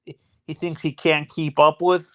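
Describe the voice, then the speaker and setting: A man's voice: a little high, little pitch movement, slow pace, bright, forceful tone. A man co-hosting a casual chat, asking long rambling questions.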